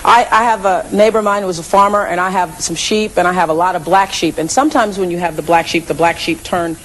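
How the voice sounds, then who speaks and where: A woman's voice: lowish voice, steady tone, fast, slight background noise, rough recording. A woman chatting as an interview guest, telling an anecdote in an amused way.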